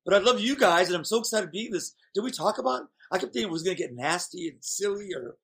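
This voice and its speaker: A man's voice: high-pitched, expressive, rapid-fire, fairly bright tone, breathy edge. A man chatting as a guest, telling rambling, candid stories in a playful way. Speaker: guest performer. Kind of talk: casual chat.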